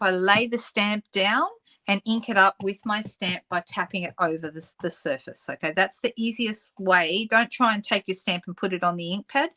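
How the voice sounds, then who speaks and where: The voice is medium-pitched, pushed and bright: an Australian woman demonstrating papercraft live. She talks casually with her audience, replying to comments, laughing a lot and apologizing in a playful way.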